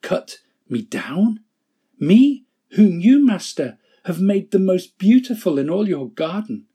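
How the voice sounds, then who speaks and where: A man voicing a gentle, devoted male bamboo plant that begs its master in distress. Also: very animated, slow, husky, full character voice. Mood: horrified pleading. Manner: pleading, rising high in distress.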